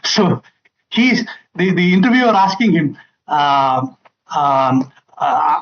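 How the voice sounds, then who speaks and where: Addressing an audience at a family seminar, a man speaks emphatically in a high voice with wide pitch swings, repeating key phrases and dramatizing quoted lines. He's animated yet unhurried, with long pauses. Slight background noise sits under a dull, muffled recording.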